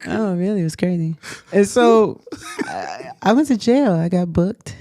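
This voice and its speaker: Animated woman telling her story. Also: lowish voice, measured pace. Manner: animated, laughs often, emphatic. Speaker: host. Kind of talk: candid interview storytelling.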